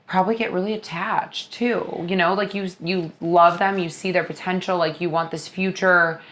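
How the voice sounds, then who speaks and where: A woman hosting a casual podcast interview, supportive and relatable, quick to agree with her guest. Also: lowish voice, steady tone, a bit bright. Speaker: podcast host.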